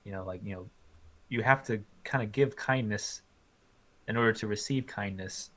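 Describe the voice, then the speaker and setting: Man with a bright, lowish voice. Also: moderate pace. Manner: reflective, with fillers. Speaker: podcast co-host. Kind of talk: casual review chat.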